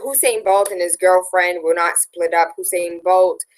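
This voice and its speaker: A woman's voice: lowish voice, steady tone, normal speed, poor audio. Woman, talk show host, reads headlines, sarcastic asides, opinionated, casual. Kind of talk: casual news commentary.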